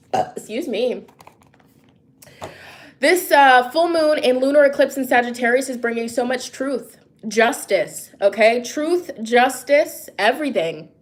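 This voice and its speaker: A woman with a somewhat high voice, speaking in a loose, casual vlog monologue. She talks straight to her viewers, pressing her points with rhetorical questions and backing up to restart her sentences. She sounds emphatic and conversational throughout. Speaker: tarot reader and psychic.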